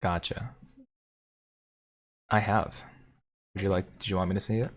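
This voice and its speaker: Male livestream host, lower register, casual and jokey, answers viewers' chat. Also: steady tone, a little slow, slight background noise. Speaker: stock market livestream host.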